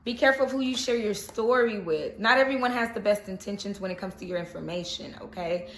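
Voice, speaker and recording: A woman's voice: medium pitch, quick pace. A woman giving a casual spoken tarot reading, chatty and reassuring, often checking in with "okay?". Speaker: tarot reader. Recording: echoey room.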